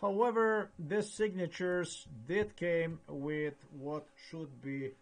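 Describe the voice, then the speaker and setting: Halting man. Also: on the high side, steady tone. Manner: halting, repetitive, earnest. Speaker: video blogger. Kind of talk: rambling vlog monologue.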